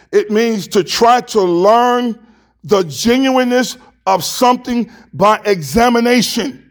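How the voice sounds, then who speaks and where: High-voiced man preaching emphatically. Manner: emphatic, repetitive, with rising shouted climaxes. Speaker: pastor. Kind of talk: sermon.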